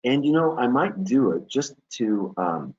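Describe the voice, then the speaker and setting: A man's voice: medium pitch, very animated, unhurried, darkish tone. A man giving a continuing-education lecture on estate planning, explaining step by step and telling jokes to make his points. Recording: dull lo-fi recording.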